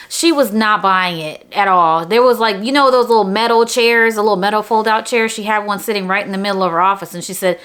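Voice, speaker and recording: Woman vlogger, casual storytelling, lively, squeaky when quoting herself, mid pitch. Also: fairly quick, hardly any pauses. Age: adult.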